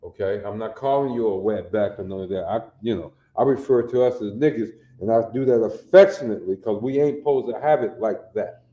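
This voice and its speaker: A man with a Detroit accent teaching a Hebrew phrase class, talking slowly with slangy repetition and checking that his students follow. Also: fairly low pitch. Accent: Detroit African American Vernacular English. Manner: slow, repetitive, street-slang teaching with call-and-response questions. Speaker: language teacher. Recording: echoey room, dull lo-fi sound.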